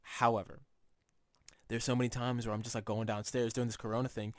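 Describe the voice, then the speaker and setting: A young man in his twenties co-hosting a casual podcast, talking in long, meandering stories and cursing freely. His voice sits at an average pitch. The sound is dry and close to the mic. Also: little pitch movement, fairly quick, dry recording. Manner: rambling storyteller, swears freely, acts out relatives' lines. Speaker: podcast co-host. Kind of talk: casual chat.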